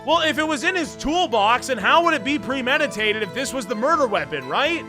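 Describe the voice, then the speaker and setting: A man's voice: very high-pitched, very animated, brisk. A man streaming a game, rambling and joking as he thinks aloud. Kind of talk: casual gameplay commentary. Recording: game music behind.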